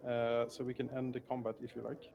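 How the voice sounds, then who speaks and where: A man's voice: medium pitch, monotone, fast talker, vocal fry, muffled recording. A man narrating as dungeon master in a tabletop game, laughing often and talking with hesitant fillers.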